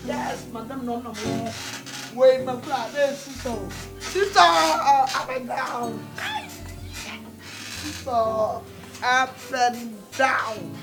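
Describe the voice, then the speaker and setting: A woman's voice: high-pitched, extremely slow, long pauses, echoey room. A woman, playing a pleading house girl in a comic drama. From Ghana. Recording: music playing behind.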